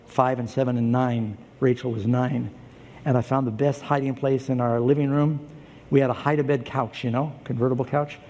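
A man preaching a sermon and telling stories, acting out voices with lively jumps in pitch. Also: breathy edge. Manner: animated storytelling, acts out voices, pitch jumps up for emphasis. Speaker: pastor. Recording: long hall reverb, faint ambience.

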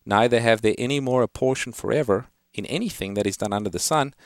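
A man's voice: mid-range voice, fast, dry recording, clean studio sound. A man hosting a call-in radio show, earnestly explaining Bible verses to callers and quoting scripture in a lifted reading voice. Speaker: radio Bible-answer host.

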